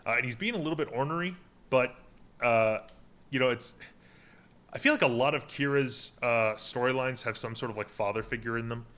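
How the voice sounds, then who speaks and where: A man's voice: medium pitch, fairly quick, fairly bright tone. A man co-hosting a podcast, recapping an episode in casual chat and paraphrasing the scenes with lots of fillers.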